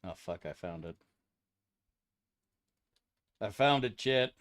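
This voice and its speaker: A man's voice: on the low side, expressive, takes it slowly, fairly bright tone, no room sound, studio quality. A young man streaming a game, chatting casually to his viewers in a profane, ranting, mock-outraged way. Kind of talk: casual live-stream chat.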